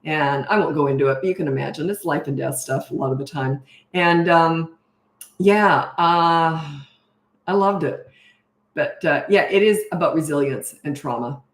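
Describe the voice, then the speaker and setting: A woman's voice: sits low, normal speed. Frank, chatty woman in an echoey room. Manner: frank and chatty, laughs at herself. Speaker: parenting coach. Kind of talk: casual live Q&A chat.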